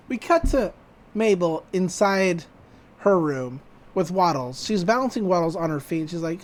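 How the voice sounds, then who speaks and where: A podcast host casually recapping a cartoon episode, telling it in an animated way and laughing often. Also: mid-range voice, normal speed.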